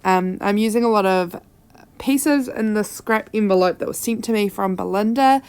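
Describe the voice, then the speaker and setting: A woman's voice: mid-range voice, moderate pace, a little mellow, smooth. A woman with a cold and a nasal voice, chatting enthusiastically in a casual voice-over for her craft vlog, with plenty of fillers. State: has a cold. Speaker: craft vlogger. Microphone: voice-over mic.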